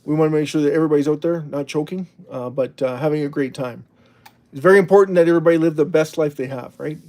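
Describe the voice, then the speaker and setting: Rambling man hosting a livestream, fairly high. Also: fast talker, a little mellow. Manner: rambling, chatty, with frequent restarts and laughs. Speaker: livestream host. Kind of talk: casual livestream talk reading out chat.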